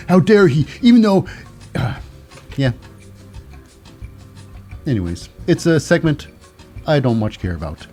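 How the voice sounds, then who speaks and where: A man's voice: mid-range voice, a little mellow. A man hosting a solo podcast, recapping in a rambling, wry way with many restarts. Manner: rambling, restarts, dry asides. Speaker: podcast host.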